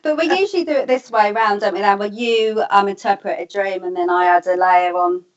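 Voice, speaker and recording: Psychic co-host, woman, halting and giggly delivery with lots of ums, muffled lo-fi audio, mid pitch. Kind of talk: casual live reading chat.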